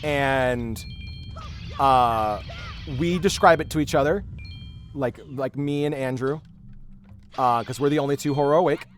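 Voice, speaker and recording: Rambling, animated male storyteller. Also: medium pitch, measured pace, long pauses, soft background music. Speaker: streamer host. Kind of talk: casual storytelling while streaming a game.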